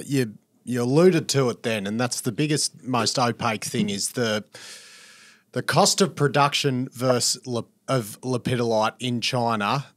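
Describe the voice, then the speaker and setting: A man's voice: medium pitch, a bit bright, no room sound. A man hosting a casual interview, joking and laid-back. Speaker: podcast host.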